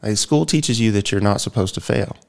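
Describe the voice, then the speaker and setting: A man's voice: lowish voice, brisk, gravelly, darkish tone. A man speaking as an interview guest in a casual, rambling monologue, blunt and peppered with fillers and swearing.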